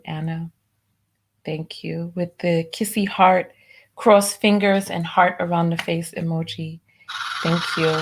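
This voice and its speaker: A woman hosting a live stream, reading out viewer donation messages and softly thanking each one. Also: on the low side. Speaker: livestream host.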